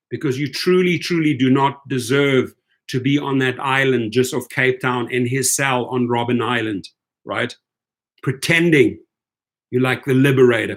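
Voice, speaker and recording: A man's voice: mid-range voice, a bit bright. A man hosting a rideshare video channel, delivering an indignant commentary rant, repeating himself and checking in with "right?". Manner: indignant, repetitive, keeps asking "right?".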